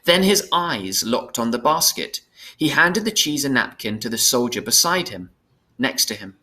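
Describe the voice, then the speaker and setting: Brief: man with a bright, tense tone reading a children's storybook aloud, steady and plain. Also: medium pitch, normal speed. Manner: plain, steady reading with small self-corrections. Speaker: reader.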